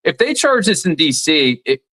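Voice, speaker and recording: A man's voice: a little high, sing-song, normal speed, pushed and bright, low-quality recording. A man in his forties from Alabama, a radio commentator and former attorney, talking through legal issues in a plain, explanatory way during an interview. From southeast Alabama, USA. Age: 40s. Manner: explanatory, many restarts, plain-spoken legal analysis. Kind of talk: casual interview conversation.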